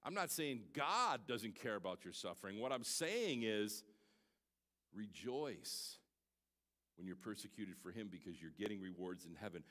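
A male pastor delivers a sermon with a lively, rising and falling voice and a bright, forceful tone. He moves between shouted exclamations and quiet, emotional asides. The sound carries a long reverb from a large church hall. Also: fairly low pitch, a little slow. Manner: swings from shouted exclamations to soft, tearful asides. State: holding back tears. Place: church sanctuary.

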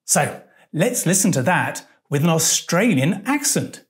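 A woman presents an English lesson at a slow, unhurried pace. Her voice sits slightly low but swings widely in pitch. She talks playfully, full of fillers and puzzled little asides. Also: sing-song. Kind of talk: scripted educational presentation.

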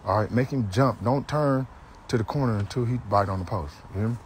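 A man coaching football drills outdoors, barking commands and teasing his players with loud, energetic trash talk. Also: fairly low pitch, a little fast, slight background noise.

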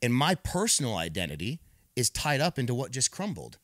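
A man in his thirties speaks as a podcast guest, recounting hard times with earnest, emphatic energy. He stumbles and repeats words as he restarts, and voices other people's lines in his own voice. His voice sits at an ordinary pitch and sounds close and dry. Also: huge pitch swings, brisk, fairly bright tone, no room sound. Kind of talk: candid personal storytelling.

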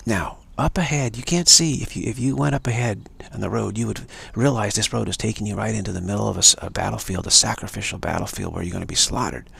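Man, spiritual talk, extremely husky, emphatic, repetitive. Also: lowish voice, quick pace, few pauses, fairly bright tone, no room sound. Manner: earnest, emphatic, given to repetition. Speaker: spiritual speaker.

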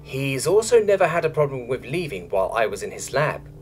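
Dude doing a smug catgirl alien, teasing and cooing, voice jumps way high and lively. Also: a little fast, soft background music, lightly acted. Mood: irritated. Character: sly, stubborn young female cat-like alien.

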